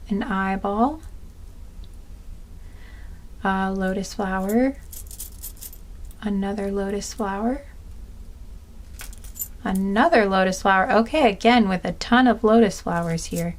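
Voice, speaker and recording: A woman doing a pick-a-card reading, chatting casually and giggling now and then while she is tired with a sore back. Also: mid-range voice. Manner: slow, meandering, giggly, talks to viewers as guys. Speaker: tarot reader.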